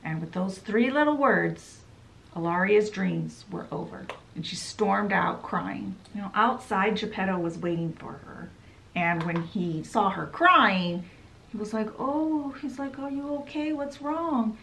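A woman's voice: on the low side, a little slow, gravelly, a bit bright, a little hiss or hum. A woman casually summarizing a book in a meandering way, with lots of fillers. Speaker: book vlogger.

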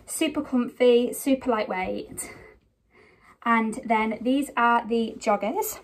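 A woman's voice: fairly high pitch, slow. Breathless, chatty young woman vlogger. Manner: chatty, giggly, lots of fillers. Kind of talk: casual try-on haul chat.

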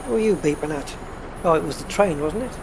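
Pitched a little high and gravelly, this man talks fast with lively intonation against a noisy background. He's a gaming host with a faint northeast English accent, giving casual commentary as he drives in a truck game and chats with viewers.

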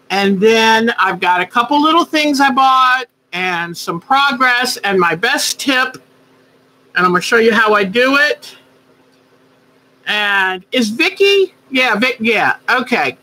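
Slow, chatty woman host. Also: fairly high pitch, expressive, pushed and bright, poor audio. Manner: chatty, greets viewers by name, rambling asides. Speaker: quilting live-stream host. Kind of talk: casual live-stream chat.

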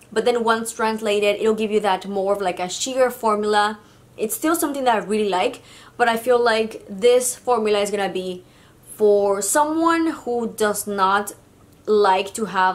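Chatty woman with a Mexican Spanish accent. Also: mid-range voice. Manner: chatty and gushing, with frequent "like" and "uh" fillers. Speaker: beauty vlogger. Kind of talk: casual makeup review.

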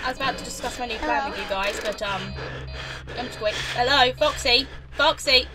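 A young woman giving let's play commentary, excitable and sweary, now and then breaking into song. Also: a little high, moderate pace, very noisy. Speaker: gaming commentator. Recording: game music loud behind her.

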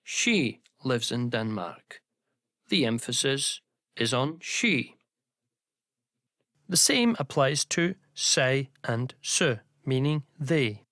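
Slow, lively-toned male language teacher. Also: mid-range voice, dry recording, studio quality. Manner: slow, careful pronunciation examples with lively intonation. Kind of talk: scripted lesson narration.

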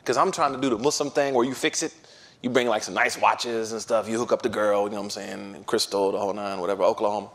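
A man who serves as an imam, giving an informal religious talk to an audience. He tells stories in an animated way, using slang and acting out what people said. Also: lowish voice, fast talker. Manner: animated storytelling with slang and acted-out quotes.

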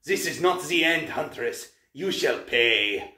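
A man's voice: a little high, expressive, slow, pushed and bright, heavily acted. A man voicing a vicious male monster, with strained, wailing threats. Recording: roomy, distant mic.

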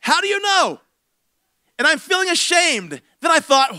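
A middle-aged man, a senior pastor, telling a comic story in a sermon with big swings between loud and hushed. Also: extremely high pitch, big pitch swings, normal speed, smooth, dry recording.

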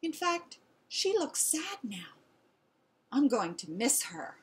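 A woman reading aloud and voicing a small, frightened young female dog who longs to go home, in a high, pleading, wistful tone. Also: very animated, takes it slowly, full character voice. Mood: longing.

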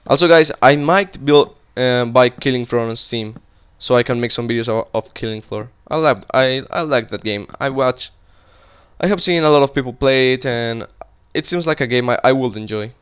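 Young man, gaming commentary, casual, swears a lot, smooth clear voice, mid pitch. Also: normal speed, fairly bright tone. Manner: casual, swears often, cries out in panic at monsters. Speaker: gaming YouTuber. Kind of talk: Minecraft let's play commentary.

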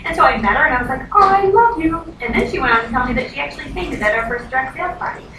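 A woman's voice: sits high, very fast, bright, forceful tone. A woman in her thirties, a direct sales consultant, giving a chatty training talk and acting out quoted voices. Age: 30s. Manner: chatty, acts out quoted voices, says "like" often. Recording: echoey, noisy room from far off.

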